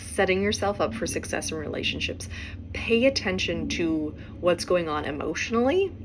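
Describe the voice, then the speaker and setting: A woman hosting a podcast, talking through relationship advice in a relaxed, conversational way and often checking in with "right?". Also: on the low side, slight background noise. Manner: conversational, frequent "right?" tag questions. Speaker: podcast host and therapist. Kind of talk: casual advice monologue.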